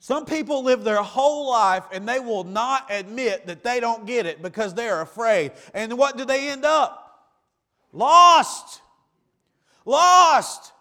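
A male pastor, preaching a sermon that swings between quiet, low asides and loud, raised cries. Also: lively intonation, moderate pace.

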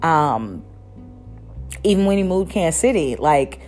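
A woman's voice: deep voice, expressive, unhurried, darkish tone, soft background music. A woman hosting a podcast, talking in a reflective, casual way with many restarts. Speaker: podcast host.

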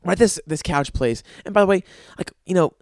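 Profane, rambling young podcast host. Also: male voice, high voice, fairly quick, vocal fry, a little mellow, no room sound, clean studio sound. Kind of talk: casual solo podcast rant.

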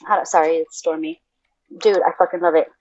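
A woman's voice: low voice, steady tone, a little fast, darkish tone. A woman co-hosting a podcast in casual chat, swearing freely and laughing often. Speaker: podcast co-host. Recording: dull lo-fi audio.

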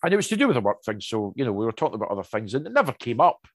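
A man chatting casually and telling anecdotes, lively, with many restarts and asides. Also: mid-range voice, rapid-fire, dry recording. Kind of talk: casual chat.

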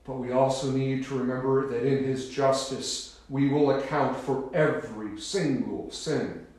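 A man preaching a sermon in a solemn, emphatic, deliberate manner, pausing to stress key words, in a church. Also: mid-range voice, steady tone, darkish tone. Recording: very echoey room.

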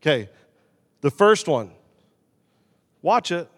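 A man preaching a sermon as pastor, animated, swinging between loud emphasis and quiet, confessional asides. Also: fairly high pitch, moderate pace, big-room sound.

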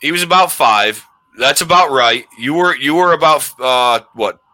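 A man's voice: mid-range voice, animated, normal speed, pushed and bright, no echo. A man in his forties hosting a podcast, telling old stories in a rambling casual way and laughing as he goes. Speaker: podcast host. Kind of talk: casual storytelling chat.

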